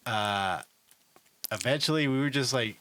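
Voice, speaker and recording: A man hosting a podcast, telling a rambling story in casual chat, often dropping into a quieter mutter. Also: medium pitch, lively intonation, a little slow. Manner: rambling, many "like" fillers, drops to a mutter. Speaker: podcast host, comedian.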